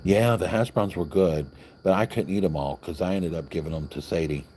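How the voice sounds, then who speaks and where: A man's voice: low voice, brisk, mellow, slight background noise. A man telling a long story on a livestream in a loose, rambling way, acting out the lines of the people in it. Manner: rambling, chatty, acts out other people's lines. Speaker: vlogger. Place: hotel, with crickets outside.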